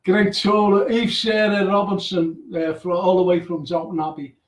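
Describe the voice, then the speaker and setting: A man's voice: high voice, flat delivery, normal speed, recorded from a distance. A man hosting a live radio show. He reads out listeners' names and messages in a chatty way, then tells a ghost story with stammering restarts. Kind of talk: casual chat, live show. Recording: echoey room, away from the mic.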